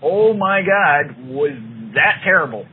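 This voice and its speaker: A man's voice: high voice, animated, takes it slowly, breathy edge. A man co-hosting a podcast in casual chat, ranting with exasperation about TV shows and slipping into playful voiced quotes. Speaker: podcast co-host. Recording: tinny phone-like sound with faint noise.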